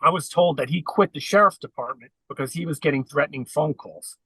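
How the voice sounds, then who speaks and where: Man, podcast guest, earnest storyteller, forceful fairly high voice, dry close sound. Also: brisk, husky, no room sound, poor audio. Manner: earnest, recounting at length. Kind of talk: conversational interview.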